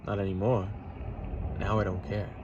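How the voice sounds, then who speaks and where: A man's voice: sits low, little pitch movement, moderate pace, highs cut off, noisy background. A man telling a road-rage story in a heated, profane rant, repeating himself, his voice jumping up when he gets upset. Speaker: vlogger. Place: at home, eating a salad.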